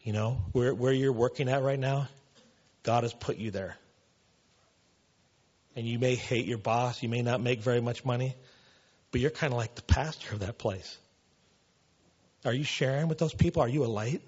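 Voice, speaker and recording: A man's voice: mid-range voice, fairly even intonation, normal speed, pauses often, darkish tone, breathy edge, muffled recording. A man preaching a casual sermon in a church, loose and conversational, full of "you know" and "man". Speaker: pastor.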